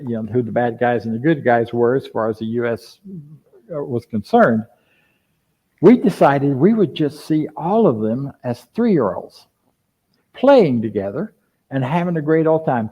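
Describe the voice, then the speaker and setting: An older man preaching a conversational sermon as a minister, lively and full of rhetorical questions to his congregation. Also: medium pitch. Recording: dull lo-fi sound.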